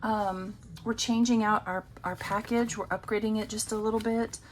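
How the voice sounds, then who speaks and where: A woman vlogging about her budget at home, chatting casually and rambling with many pauses and ums while counting cash. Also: medium pitch, fairly even intonation, slight background noise, rough recording.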